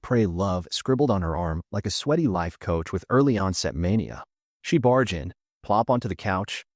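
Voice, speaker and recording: Low-voiced man narrating a sarcastic story. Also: a little mellow, no room sound, clean studio sound.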